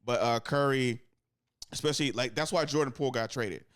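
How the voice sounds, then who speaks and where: A young man talks sports on a podcast in a smooth, clear voice. He is close to the mic in a dry room. He rambles, swears freely and jumps higher when he acts out what others said. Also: fairly quick, dry recording. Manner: rambling, profane, acts out quotes with sudden high-pitched bursts. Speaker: podcast co-host. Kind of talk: casual sports chat.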